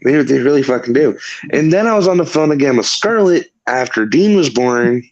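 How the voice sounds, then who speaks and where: A man's voice: medium pitch, animated, normal speed, dull audio. Rambling, foul-mouthed male podcast host. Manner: rambling, heavy swearing. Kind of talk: casual storytelling chat.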